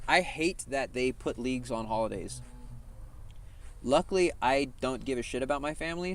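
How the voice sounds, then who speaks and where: A man streaming a game and chatting casually, telling rambling stories full of profanity. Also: medium pitch. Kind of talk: casual chat while gaming.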